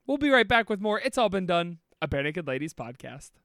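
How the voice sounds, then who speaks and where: Bright, animated podcast host. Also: medium pitch, a little fast, a little hiss or hum. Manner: playful, laughing storytelling. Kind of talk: casual comedic chat.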